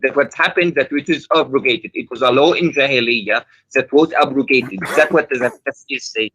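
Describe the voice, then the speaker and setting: A man defending his view in a heated religious debate, halting and asking for time to answer. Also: medium pitch, fairly bright tone, highs cut off, a little hiss or hum. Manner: defensive, halting, asks for a second.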